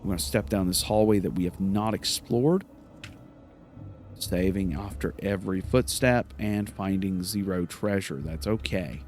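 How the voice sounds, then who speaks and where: Low-voiced man narrating gameplay casually. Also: unhurried, a little mellow, soft background music. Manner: rambling, self-correcting with many fillers. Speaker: let's play host.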